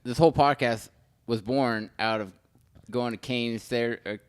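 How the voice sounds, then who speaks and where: A man's voice: mid-range voice, fairly even intonation, measured pace, clear, resonant tone. A young man co-hosting a casual podcast with friends, laid-back and given to dry one-liners. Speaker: podcast co-host. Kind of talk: casual chat among friends.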